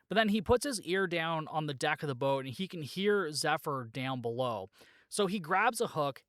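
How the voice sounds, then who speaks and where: A man's voice: a little high, fairly bright tone, no room sound, clean studio sound. Chatty man recapping a film. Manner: rambling, filler-heavy retelling with frequent "like"; jokey, laughs at his own asides. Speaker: podcast host. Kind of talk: casual movie recap.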